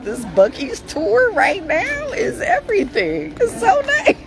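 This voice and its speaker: A woman, chatting excitedly in a casual vlog while walking through a large store, laughing often. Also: very high voice, slow pace, low-quality recording. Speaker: vlogger. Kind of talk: casual shopping vlog chat.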